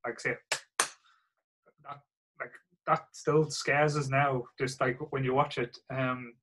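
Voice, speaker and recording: A man's voice: mid-range voice, little pitch movement, slow pace, noisy background. A man in casual film chat, easygoing and hesitant with many fillers.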